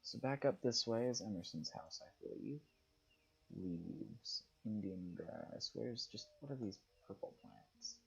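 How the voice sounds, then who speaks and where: Low, husky-voiced man musing over a game. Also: a little slow, low-quality recording. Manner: relaxed, muses aloud, reads on-screen text. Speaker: gaming streamer. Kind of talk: casual gameplay commentary.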